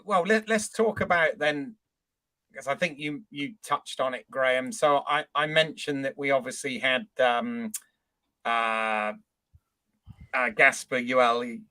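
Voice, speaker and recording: Easygoing bright-voiced male host. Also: medium pitch, unhurried, dry recording, rough recording. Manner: easygoing, loose, filler-heavy. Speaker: podcast host. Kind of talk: casual chat.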